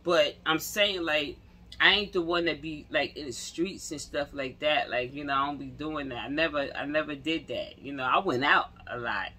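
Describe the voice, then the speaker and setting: A woman tells stories straight to camera in loose street slang. Her tone is bright and edgy, and she laughs and acts out the people in her stories as she goes. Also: deep voice, moderate pace. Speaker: vlogger. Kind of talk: casual storytelling to camera.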